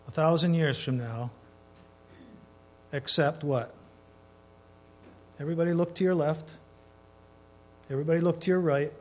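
A man with a notably high voice preaches a sermon in a church, talking to the congregation conversationally and often putting questions to them. He slows down and speeds up to stress his points. A low mains hum runs under the recording. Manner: conversational, asks the congregation questions, varies pace for emphasis. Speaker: guest preacher. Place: church sanctuary.

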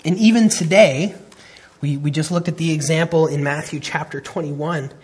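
A man's voice: fairly high pitch, normal speed, a little mellow, husky. A man in his thirties preaching a sermon, earnest and emphatic, often restarting his phrases. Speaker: pastor.

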